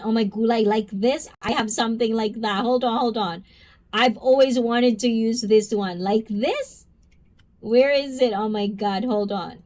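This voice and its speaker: A woman's voice: fairly high pitch, measured pace, a little mellow. A woman hosting a casual livestream, chatting with viewers and calling them by name. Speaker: livestream host reacting to chat.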